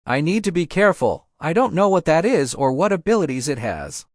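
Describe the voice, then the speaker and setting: A man's voice: on the high side, very animated, a little fast, dry recording, studio quality. A man voicing a cocky, taunting young male rival trainer while reading a storybook aloud. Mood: rattled. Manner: taunting, self-assured.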